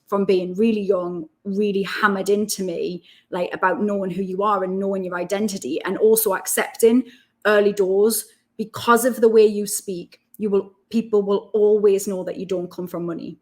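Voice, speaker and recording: A woman's voice: medium pitch, normal speed. Chatty Geordie woman telling stories. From Newcastle, North East England. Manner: chatty, lively storyteller. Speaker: guest, self-development coach. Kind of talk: casual interview chat.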